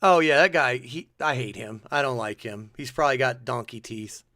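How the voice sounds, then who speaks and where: A man hosting a podcast in casual chat, reacting excitably to clips and laughing often. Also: medium pitch, normal speed, no room sound, studio quality. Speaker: podcast host.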